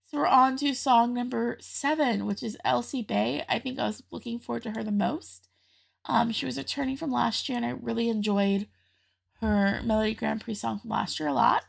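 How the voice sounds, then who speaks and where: A young woman talking through her reactions to songs in a chatty, heartfelt way. Her voice sits a little high and carries a gravelly, fry-laced edge. She laughs easily and lets her feelings show. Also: fairly even intonation, moderate pace. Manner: chatty, emotional, laughs often. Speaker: reaction video host. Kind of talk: casual reaction commentary.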